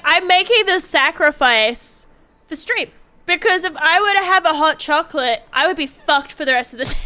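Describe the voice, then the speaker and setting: A young woman streamer ranting casually and profanely to her chat, animated and exasperated. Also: sits high.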